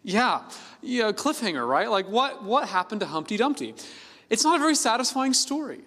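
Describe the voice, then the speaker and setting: Lively, chatty male pastor preaching. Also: high voice, fairly quick. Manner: conversational and playful, with lots of fillers. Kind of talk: sermon. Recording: long reverb of a big hall.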